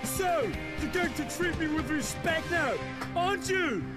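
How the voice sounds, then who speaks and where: An actor playing a brutal, hateful patrol guard who bullies and threatens in a video game, with game music behind. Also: male voice, very high-pitched, unhurried. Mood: furious. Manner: bullying, threatening, shouting.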